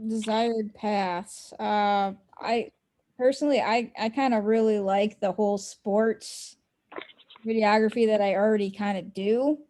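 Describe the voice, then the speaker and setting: A woman student answering questions on a video call, hesitant and full of ums and pauses. Her voice is warm and mellow. She sounds modest and unsure of herself. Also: medium pitch, steady tone. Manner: hesitant, many ums, laughs softly. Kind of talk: casual video-call discussion.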